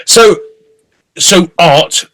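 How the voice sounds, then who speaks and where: A man's voice: high voice, very slow, a bit bright, no room sound. A man hosting a casual interview, enthusiastic and matey, often jumping in with reactions. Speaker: host.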